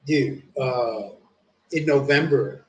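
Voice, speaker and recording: A man's voice: mid-range voice, takes it slowly. A man telling a long story in casual chat, swearing constantly and saying "dude" a lot. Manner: profane, rambling, says "dude" often. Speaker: streamer. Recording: roomy, distant from the mic.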